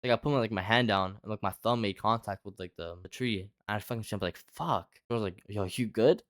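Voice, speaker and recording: Fast rambling young man, dry sound. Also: on the low side, fairly even intonation, a bit bright, dry recording. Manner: rambling, heavy filler "like", lots of swearing. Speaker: storyteller. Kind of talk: casual storytime chat.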